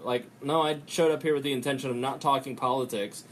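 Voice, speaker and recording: A man hosting a podcast, talking in a rambling, profane way and breaking into quick impressions. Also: medium pitch, fairly even intonation. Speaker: podcast host. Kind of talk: casual podcast chat.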